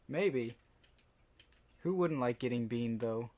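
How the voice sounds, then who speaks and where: A teenage boy co-hosting a casual comedy podcast, playful and quick to laugh. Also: mid-range voice, dark tone. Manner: giggly, playful. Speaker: podcast co-host. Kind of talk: casual chat.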